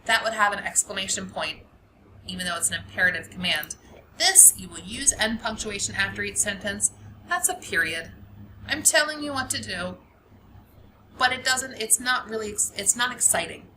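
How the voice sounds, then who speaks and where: A woman's voice: medium pitch, noisy background. A woman teacher giving a grammar lesson, explaining patiently step by step and repeating the key points.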